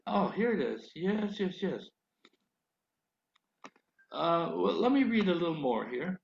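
High, gravelly older man preaching. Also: unhurried, long pauses, reverberant, lo-fi sound. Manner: animated storytelling, rising to emphatic pleading. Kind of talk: sermon.

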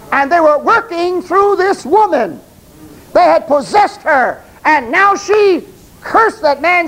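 High-voiced man preaching an emphatic sermon. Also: a bit bright, low-quality recording. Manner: emphatic, addresses congregation directly, stumbles reading aloud.

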